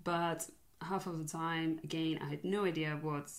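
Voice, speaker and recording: A woman's voice: low voice, fairly even intonation, moderate pace. Earnest young woman. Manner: hesitant, earnest storytelling with frequent laughs. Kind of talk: casual chat.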